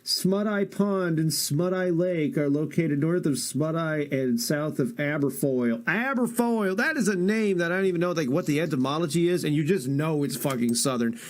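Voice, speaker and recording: A man's voice: on the high side, normal speed, hardly any pauses. A man streaming casual, profane reaction commentary, incredulous and jokey, swearing freely.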